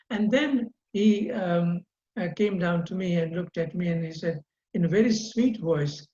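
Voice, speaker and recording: An older man, a guest recounting personal memories in an earnest, halting way with frequent repeated words. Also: high voice, darkish tone, a little hiss or hum. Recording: roomy, dull lo-fi sound.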